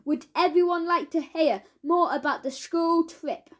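Woman reading as a firm male teacher in a children's story, measured and fair, fairly high voice. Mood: stern. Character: stern but fair male schoolteacher.

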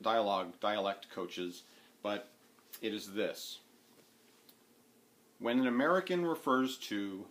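A man with a slightly low voice talks to camera from his home, wandering from point to point and filling gaps with "uh" and "um". He sounds relaxed and chatty, as in a casual needlework vlog. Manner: rambling, many fillers and restarts. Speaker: needlework vlogger. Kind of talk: casual rambling chat to camera. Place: at home, sitting indoors.

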